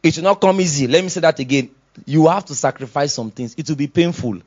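Nigerian pastor shouting exhortations. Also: male voice, on the high side, fast, muffled recording. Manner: swings from soft asides to loud shouted exhortations, laughs often. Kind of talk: sermon.

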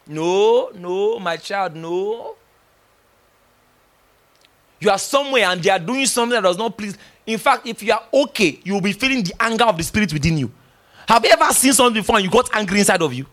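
A middle-aged man preaches with a high, lively voice. He drives his points with emphatic, teasing energy and slips into acted-out dialogue. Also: rapid-fire. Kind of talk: sermon.

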